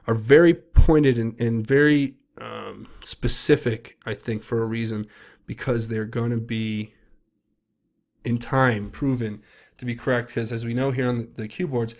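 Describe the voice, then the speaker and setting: Casting: man, solo commentary host, rambling and emphatic, mid pitch. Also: fairly even intonation, a little slow, darkish tone. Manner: casual, rambling, emphatic, with frequent fillers and restarts. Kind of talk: solo commentary reading posts aloud.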